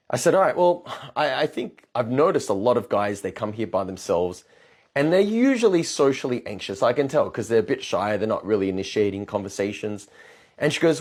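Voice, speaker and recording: A man tells a story in a blunt, profane rant. His voice is husky and rises and falls a lot as he gets animated, and he sounds like a dating coach venting about a bad night. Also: mid-range voice, brisk.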